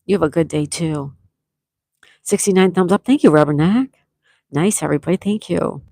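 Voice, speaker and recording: A woman hosts a relaxed morning livestream, reading out chat messages and gushing thanks to viewers one after another. Her voice sits fairly low, and the sound is close and dry with little room echo. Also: normal speed, vocal fry. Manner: effusive, thanks viewers by name, reads chat aloud. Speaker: livestream host. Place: at home with a view, morning tea.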